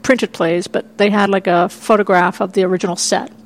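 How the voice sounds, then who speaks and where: A woman's voice: mid-range voice, fairly even intonation, brisk. A woman playwright from Miami, chatting in an interview and acting out her own past reactions as she tells stories. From Miami, United States. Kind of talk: casual interview chat. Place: indoor room in Chicago.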